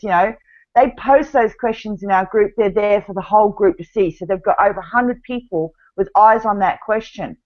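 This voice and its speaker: A woman's voice: mid-range voice, moderate pace, highs cut off. A woman with an Australian accent, chatting animatedly as a podcast guest. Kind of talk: casual chat.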